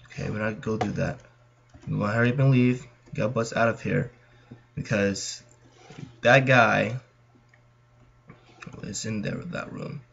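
A man's voice: fairly low pitch, fairly even intonation, measured pace, vocal fry, long pauses, fairly bright tone, a little hiss or hum. A young man with a Californian accent, chatting nervously to viewers as he plays through a horror game. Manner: jittery, chatty, talks to viewers. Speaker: gaming channel host. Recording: dull lo-fi mic.

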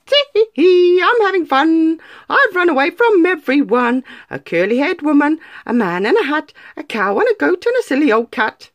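A woman voicing a cheeky little gingerbread man who taunts in a high sing-song. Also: very animated, normal speed, hardly any pauses, fairly bright tone, dry recording, full character voice. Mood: gleeful.

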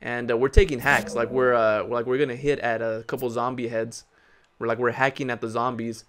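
A young man giving loud, jokey live commentary on his own video game play, trash-talking the players and repeating words in excited bursts. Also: medium pitch, fairly quick, smooth. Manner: hyped, jokey, trash-talks the game characters. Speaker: gaming YouTuber.

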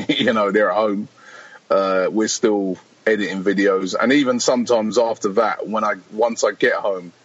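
A man's voice: on the low side, steady tone, moderate pace, husky, highs cut off. A man, a podcast guest chatting casually and rambling through stories, quoting people as he goes. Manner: rambling storyteller, quotes people, laughs often. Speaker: podcast guest, fan channel founder. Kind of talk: casual chat.

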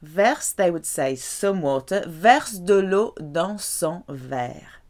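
Slow, lively woman teaching French. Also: on the low side. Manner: slow, careful, lively delivery with drawn-out French examples. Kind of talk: language lesson.

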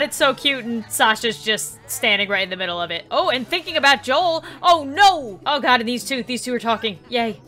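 A young woman hosting a gaming channel, giving casual, excitable commentary on her gameplay, laughing often and talking to the characters on screen. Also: sits high.

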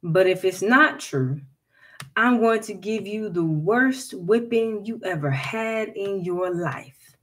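A woman reading a folktale aloud and voicing a gruff, threatening male slave owner, loud and scornful. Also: medium pitch, expressive, slow pace.

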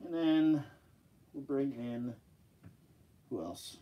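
Animated, jokey man reviewing toys. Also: mid-range voice, extremely slow, highs cut off. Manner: jokey, rambling, talks to viewers. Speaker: action figure reviewer. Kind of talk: casual live toy review.

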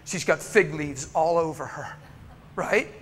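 A man's voice: fairly high pitch, moderate pace, fairly bright tone, a little hiss or hum. A male preacher telling stories in an impassioned sermon, often breaking into laughter. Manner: impassioned storytelling with frequent laughter.

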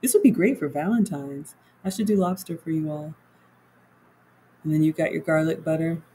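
A woman's voice: sits low, normal speed, mellow, a little hiss or hum, low-quality recording. A woman home cook chatting casually on a livestream, walking viewers through her cooking and reading their comments aloud.

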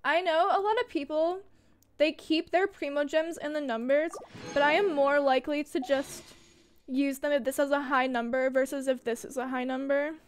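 A woman's voice: high voice, steady tone, normal speed. A young woman streamer chatting casually to herself while playing a game, swearing when she loses. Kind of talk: casual gaming livestream chat. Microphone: desk mic, wearing headphones.

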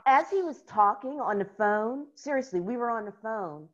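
An American woman, a guest in a casual interview, telling stories in an animated way and laughing often. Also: on the high side, normal speed, highs cut off. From United States.

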